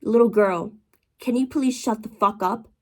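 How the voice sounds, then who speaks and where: A woman's voice: fairly high pitch, a little slow. A woman voicing a rude older female hospital receptionist who scolds curtly. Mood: scolding. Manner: curt, scolding.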